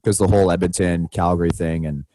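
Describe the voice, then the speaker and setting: Speaking fast in a deep voice, a male podcast co-host narrates a story during casual chat, animatedly acting out quotes at a raised volume. The recording is dry.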